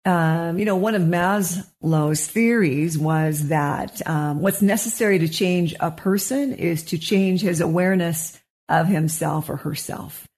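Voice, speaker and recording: Middle aged woman, husky mellow voice, gentle reflective podcast talk. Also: lowish voice, a little slow, few pauses. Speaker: co-host, marriage therapist. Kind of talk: casual podcast conversation.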